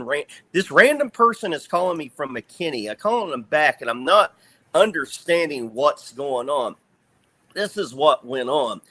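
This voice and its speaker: Bright-voiced Southern man telling a story. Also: fairly high pitch, a little slow. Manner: animated storyteller, swears freely. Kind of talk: casual chat.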